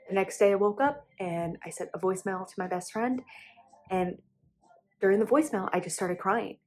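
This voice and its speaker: A young woman speaking candidly to her channel in a personal confessional vlog, emotional and close to tears, with frequent restarts and fillers. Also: lowish voice. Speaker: vlogger.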